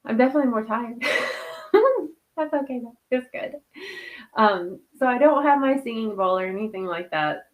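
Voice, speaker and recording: A woman hosting a casual livestream who greets viewers by name, laughs often and leads a soft guided breathing meditation. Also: fairly high pitch, animated, normal speed, long pauses, narrow, tinny audio. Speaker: host.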